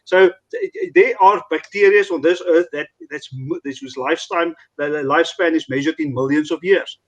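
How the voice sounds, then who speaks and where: Halting man explaining meat curing. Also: on the high side, big pitch swings. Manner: halting, repeats words and restarts often. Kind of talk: explanatory interview talk. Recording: dull lo-fi recording.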